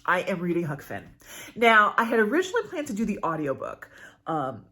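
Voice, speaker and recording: Chatty woman with a low, lively voice. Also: brisk. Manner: chatty, rambling, frequent fillers and self-corrections. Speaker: book channel host. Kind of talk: casual reading update vlog.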